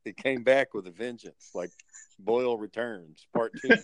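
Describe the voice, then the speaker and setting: A man's voice: mid-range voice, measured pace, noisy background. A man chatting casually on a podcast, rambling and swearing as he tells stories. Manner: rambling, swears, lively storytelling. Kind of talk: casual chat.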